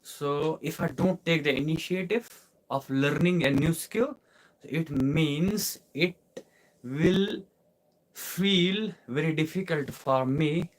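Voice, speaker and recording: Young Indian-accented male English teacher, slightly high voice, live Q&A class, explanatory and repetitive. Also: slow pace. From Kashmir, India. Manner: explanatory, repeats points with rhetorical questions. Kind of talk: live class answering viewer questions.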